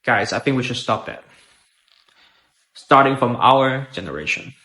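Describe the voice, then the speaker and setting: A man's voice: medium pitch, expressive, a little slow, pushed and bright. A man giving an earnest, slightly preachy speech to his followers.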